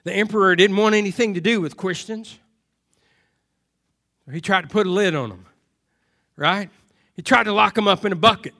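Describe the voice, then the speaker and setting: A man preaching a sermon, moving from quiet, hushed passages to loud, emphatic cries and repeated phrases. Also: high-pitched, moderate pace, creaky, pauses often.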